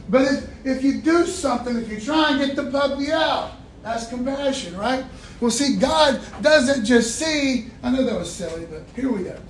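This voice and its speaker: Male pastor, high voice, folksy call-and-response sermon, echoey church with faint hiss. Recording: echoey room, faint room noise.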